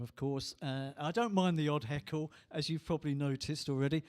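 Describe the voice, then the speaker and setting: A man's voice: on the high side, fairly quick, few pauses, darkish tone, smooth. A man, a musician and entertainer, chatting between songs with a dry, self-mocking manner on a small theatre stage. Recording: live hall with long reverb.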